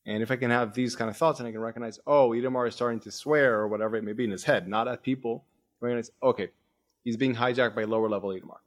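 A man coaching a guest on a podcast, talking fast and with energy. He explains ideas step by step and acts out his own inner thoughts. His voice sits at an ordinary middle pitch. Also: fairly even intonation. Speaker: podcast host, performance coach. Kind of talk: coaching conversation.

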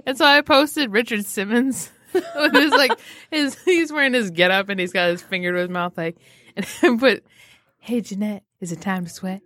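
A woman's voice: on the high side, normal speed, a bit bright, no echo. A woman co-hosting a podcast in casual chat, giggly and playful in her banter. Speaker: podcast co-host.

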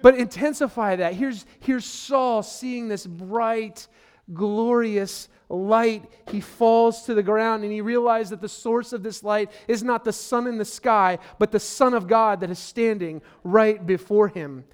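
High-voiced pastor preaching earnestly. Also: male voice, steady tone, a little slow, clear, resonant tone. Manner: earnest, emphatic, repeats key phrases; addresses listeners directly as friend. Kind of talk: sermon.

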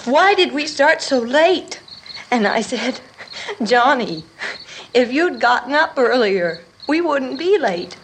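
A young woman in shock in an old horror film, her dreamy, drifting voice high and slow. She breaks into crying screams. A loud hiss sits behind her. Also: animated, exaggerated voice. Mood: dazed. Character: dazed young woman in shock, then hysterical. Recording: noisy old film soundtrack.

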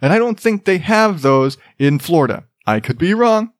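A man's voice: a little high, big pitch swings, normal speed, dry recording, studio quality. A man hosting a podcast, ranting in a casual, profane, mocking way, laughing often and rambling through his thoughts. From Arizona, US. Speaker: podcast host. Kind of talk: casual comedic commentary.

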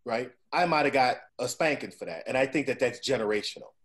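A man's voice: mid-range voice, fairly quick, fairly bright tone. A man in his forties hosting a casual chat, telling stories with frequent profanity and asking "right?" to keep his listener with him. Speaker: podcast host.

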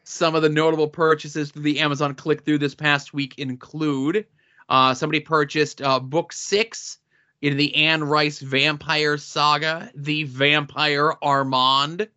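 A man co-hosting a casual podcast, reading listener notes and product listings in a dry, deadpan way. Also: fairly high pitch, unhurried. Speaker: podcast co-host. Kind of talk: casual podcast chat with sponsor reads. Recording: dull lo-fi audio.

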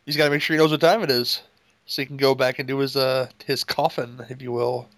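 A man's voice: medium pitch, flat delivery, fast, fairly bright tone, no echo, low-quality recording. A man co-hosting a movie commentary podcast, making crude jokes in casual running chatter over the film. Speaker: podcast co-host.

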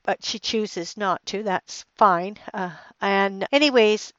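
Speaking slowly in a medium-pitched, slightly bright voice, a middle-aged podcast host tells a rambling personal story peppered with restarts and fillers. When recalling her anger she grows heated and emphatic, and the dull, lo-fi recording is dry with no echo.

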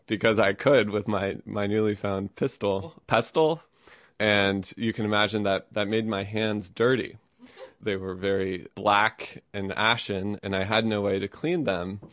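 A man's voice: on the low side, fairly bright tone, dry recording, clean studio sound. A man telling a personal story to a live audience, chatty and self-amused, laughing often and peppering his speech with fillers.

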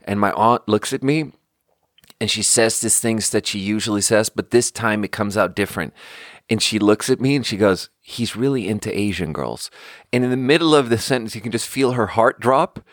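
A man's voice: on the low side, moderate pace, no room sound. Young dude rambling thru a story on his podcast, says like constantly, dead dry room. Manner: rambling, conversational, heavy use of "like". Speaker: podcast host. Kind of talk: casual storytelling monologue.

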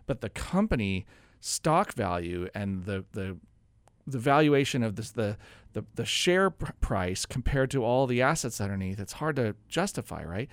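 A man's voice: lowish voice, big pitch swings, normal speed, no room sound. Male co-host, casual explainer, dry close studio sound. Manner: explanatory, lots of restarts and laughs. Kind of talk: casual radio show chat.

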